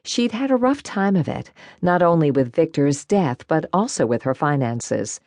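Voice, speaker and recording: A woman narrating a first-person cozy mystery audiobook in an expressive, warm storytelling manner. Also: low voice, normal speed, no room sound, studio quality.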